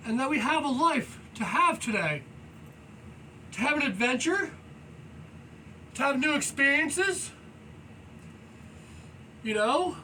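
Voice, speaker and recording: A man talking casually and loudly while stretching at home, energetic and rambling, with many "you know"s as he moves around. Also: very high voice. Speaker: fitness vlogger. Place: indoors at home, low ceiling. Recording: voice far from the mic with faint noise.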